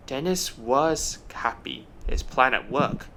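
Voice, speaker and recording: A man narrating a fan story in a slow, hesitant reading style with restarts. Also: mid-range voice, sing-song, pushed and bright, slight background noise.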